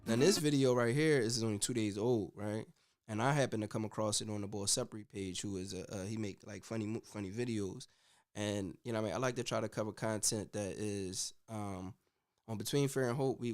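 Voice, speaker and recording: A man hosting a casual commentary show, talking in an animated, slangy way with frequent "you know what I'm saying.". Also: on the low side, clean tone. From United States. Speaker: host.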